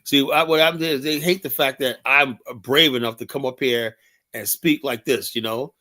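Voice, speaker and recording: A man's voice: medium pitch, fairly even intonation, moderate pace, sharp tone. Blunt, rambling male livestream host. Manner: blunt, rambling, full of "you know". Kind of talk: casual livestream commentary.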